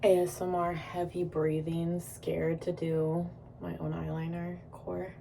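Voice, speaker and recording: A woman's voice: lowish voice, little pitch movement, unhurried, vocal fry, mellow, distant mic, a little hiss or hum. A young woman vlogging casually while doing her makeup, rambling, giggling and swearing freely. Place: indoors at home.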